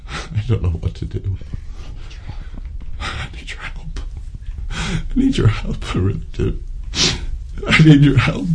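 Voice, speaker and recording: An actor playing a desperate man at his wits' end, who repeats himself and swings between mutters and shouts. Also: medium pitch, huge pitch swings, slow, pauses often, a little hiss or hum, heavily acted. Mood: pleading. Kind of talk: film acting.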